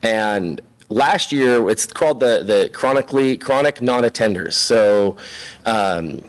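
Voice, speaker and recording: A man with a somewhat low voice gives a spoken report as a school principal at a board meeting. He sounds chatty and upbeat, keeps things informal, and drops in plenty of "um"s and "uh"s. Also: expressive, slow, poor audio.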